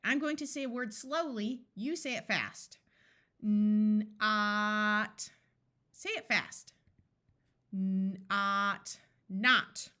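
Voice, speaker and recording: A woman with an American accent teaching a phonics lesson, slowly sounding out letters and blending them into short words for young readers. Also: sits high, animated, bright, forceful tone. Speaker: reading tutor.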